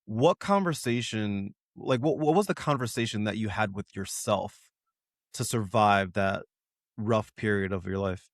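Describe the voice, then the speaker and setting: A man hosting an interview, asking measured, thoughtful questions and giving soft affirmations. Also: on the low side, no echo, clean studio sound. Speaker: podcast host.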